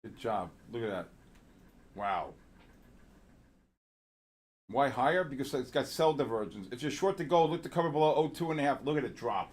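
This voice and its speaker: A male trading show host giving excitable live market commentary, exclaiming and calling out viewers by name. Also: medium pitch, normal speed, long pauses.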